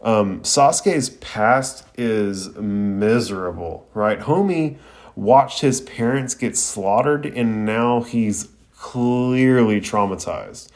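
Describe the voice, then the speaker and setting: A young man with a lowish voice recaps an anime episode in a casual podcast. He talks in a laid-back, slangy way and leans on fillers as he goes. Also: takes it slowly, darkish tone.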